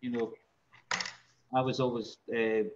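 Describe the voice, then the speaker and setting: A man who is a chef, moderating an online masterclass and relaying viewer questions in a relaxed, hesitant way. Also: medium pitch, unhurried, lo-fi sound. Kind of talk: casual chat on a video call. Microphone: video call.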